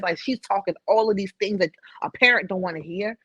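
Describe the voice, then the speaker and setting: A middle-aged woman, a podcast guest, telling a personal story in an emotional, animated way. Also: medium pitch, moderate pace, no room sound. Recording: slightly dull dry recording.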